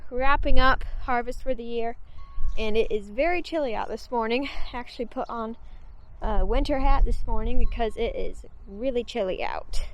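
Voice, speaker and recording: A woman in her thirties talks straight to a handheld camera on a windy farm, chatty and plain-spoken as she walks through the day's work. Her voice sits a little high. A soft outdoor hiss runs under it. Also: low-quality recording. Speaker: farm vlogger, host. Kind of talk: casual vlog narration.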